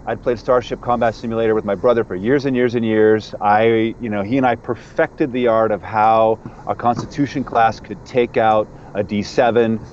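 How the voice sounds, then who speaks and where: Animated man telling a story, muffled audio. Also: lowish voice, moderate pace, few pauses, slight background noise. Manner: animated anecdote-teller who acts out the people in his stories. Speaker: guest, editor and sound designer. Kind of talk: casual storytelling interview.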